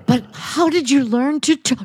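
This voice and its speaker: A woman's voice: high-pitched, normal speed, a little mellow, no echo, studio quality, natural voice. A woman playing a startled meek wife. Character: startled timid wife, Mrs. Beaker. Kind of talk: 1940s radio acting.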